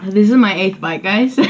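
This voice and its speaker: A woman's voice: fairly low pitch, background noise. A woman chatting casually on camera for her video channel, easygoing and playful, with watery eyes from spicy food. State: teary-eyed from spicy food. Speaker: vlogger. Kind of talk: casual vlog chat.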